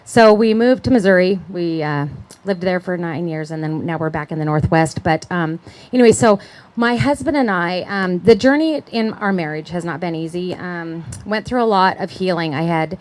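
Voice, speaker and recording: A middle-aged woman with a slightly low voice tells her personal testimony. She speaks in a chatty storytelling way, acts out the voices of the people she quotes, and keeps checking in with her listeners. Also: normal speed, hardly any pauses, darkish tone, rough recording. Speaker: conference speaker.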